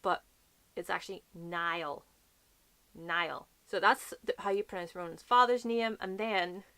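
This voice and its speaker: A young woman with a Northern Irish accent in a casual book vlog, chatting and slowly spelling out how names are said. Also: medium pitch, fairly bright tone, no echo. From Northern Ireland. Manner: chatty, explaining slowly and repeating words. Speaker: book vlogger.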